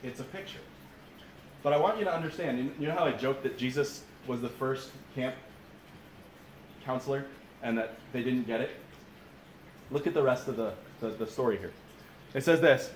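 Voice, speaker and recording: A man in his thirties preaching a sermon at a camp, telling stories in an animated way and often restarting his sentences. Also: medium pitch, brisk. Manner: animated storytelling with frequent restarts. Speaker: pastor. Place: camp meeting room. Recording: roomy echo with faint hiss.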